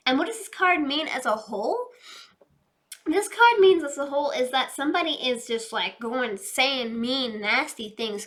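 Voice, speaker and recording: Tarot lady chatting quick, bright voice, kinda high. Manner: fast-talking, chatty, self-aware. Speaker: tarot reader. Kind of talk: casual tarot reading.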